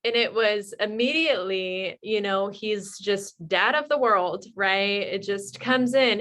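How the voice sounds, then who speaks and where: A woman's voice: mid-range voice, normal speed, few pauses, fairly bright tone. A young woman candidly telling her personal recovery story, emotional and full of fillers. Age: young adult. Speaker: guest sharing recovery story. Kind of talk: personal testimony.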